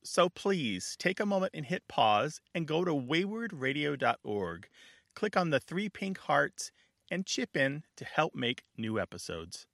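A male radio co-host chats easily and explains things with a joke now and then. His voice is bright and edged with gravel, recorded close and dry in the studio. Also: a little high, big pitch swings, measured pace, dry recording. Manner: easygoing, explanatory, jokey. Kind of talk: casual radio chat.

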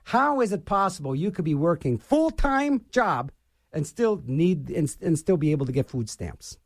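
A man's voice: fairly high pitch, very animated, normal speed, no room sound, studio quality. A middle-aged man hosting a radio show and delivering an opinionated political rant, scornful and repeating his phrases for emphasis.

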